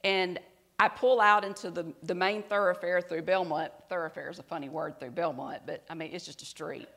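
A woman's voice: fairly low pitch, fairly even intonation, a little fast. Earnest woman preaching a story. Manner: earnest storytelling, drops to soft quiet tones at emotional parts. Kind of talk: sermon with personal story.

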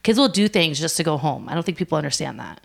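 A middle-aged woman, a preschool director and interview guest, who tells lively stories, laughs often and acts out what the children say. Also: low-pitched, fast, creaky. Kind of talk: conversational interview.

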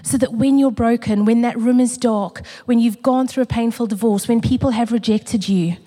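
A woman sharing a personal testimony in a sermon, earnest and emotional, building through repetition and dropping to a hush. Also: a little high, steady tone, normal speed. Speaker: church community speaker. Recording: long reverb of a large hall.

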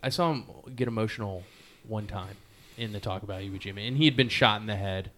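Here the podcast host speaks fast in a lowish voice that sounds pushed and bright, with a faint hiss or hum behind it. It's a relaxed interview chat: he's sincere and openly emotional, meandering along with plenty of filler words.

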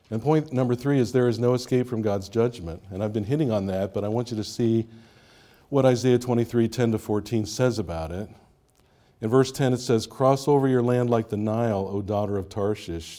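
A man's voice: lowish voice, mellow. A male pastor preaching a sermon, emphatic, with rhetorical questions and swings in intensity.

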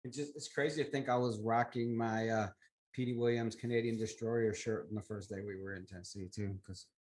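A man's voice: fairly low pitch, steady tone, fairly quick, a little mellow. A man co-hosting a podcast, chatting casually and giving his opinions on wrestling. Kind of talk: casual chat about wrestling.

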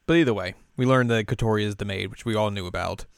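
A young man co-hosting a casual podcast, recapping an anime in a rambling, animated way and now and then jumping into high character voices. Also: fast talker, creaky, clean tone, no room sound, clean studio sound. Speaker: podcast co-host.

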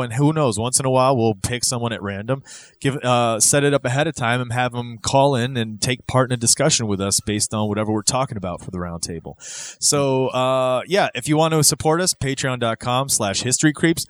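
A man co-hosting a podcast, reading a club-membership pitch in a mock-grand announcer voice, then chatting casually and rambling. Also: dry recording. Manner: playful, hammy announcer delivery when reading, loose and rambling when chatting. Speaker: podcast co-host.

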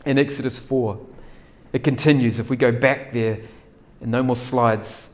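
A man preaching a sermon, acting out doubts and voices of the people in the story with big swings in loudness. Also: mid-range voice, a little slow. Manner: animated, acts out characters' doubts with dramatic swings in loudness. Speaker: pastor.

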